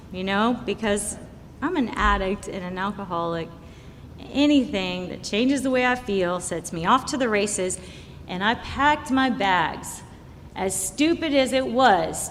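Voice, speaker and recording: Woman, recovery share, candid storytelling, hall echo, faint rumble. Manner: candid storytelling, acting out quoted voices with laughs. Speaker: recovery speaker. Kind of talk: personal recovery share at a meeting.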